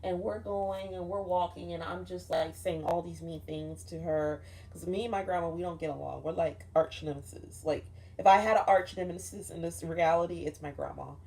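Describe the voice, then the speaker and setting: Young woman w/ lowish voice rambling thru a dream story, lots of "like", cussing casually. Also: fairly even intonation, normal speed, creaky, few pauses, darkish tone. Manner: rambling, profane, frequent "like" fillers. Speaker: vlogger recounting a dream.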